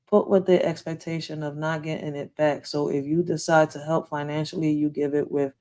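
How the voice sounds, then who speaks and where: A woman with a deep, dark, steady voice hosts a casual livestream story time, talking a little fast with hardly any pauses. She addresses viewers bluntly in streetwise slang, cursing freely and repeating "yo" and "like".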